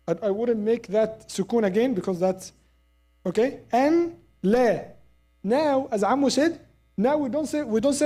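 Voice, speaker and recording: Tajweed teacher, mellow tone, repeats sounds slowly, keeps asking "right?". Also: medium pitch, lively intonation. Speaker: Quran recitation teacher. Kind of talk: live tajweed class.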